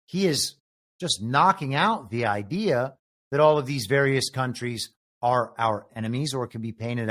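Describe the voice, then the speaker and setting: A man's voice: a little high, fairly bright tone. A man hosting a podcast, giving political commentary in a musing, speculative way, stretching out key words for emphasis. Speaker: podcast host and moderator.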